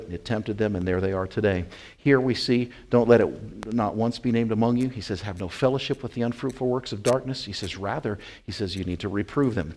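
Middle-aged guy preaching, lowish voice, gets loud and fired up on points. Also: vocal fry. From Wyoming. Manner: earnest preaching with rising emphatic peaks and many fillers. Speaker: pastor. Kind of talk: sermon.

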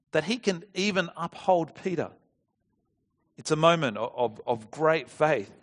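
A man preaching a sermon, earnest and expository, asking the listeners questions and sometimes restarting a phrase. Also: a little high.

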